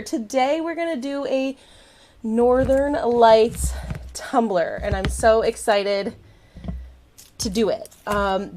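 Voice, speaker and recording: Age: adult. Style: bubbly live-stream craft chat. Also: female voice, sits high, a little mellow, a little hiss or hum. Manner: bubbly and chatty, greeting viewers by name. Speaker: craft channel host.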